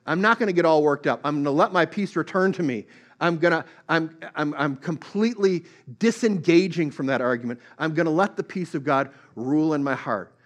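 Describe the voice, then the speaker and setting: A man preaching a sermon, earnest, moving from soft storytelling to rising emphatic exhortation. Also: on the high side, fairly quick.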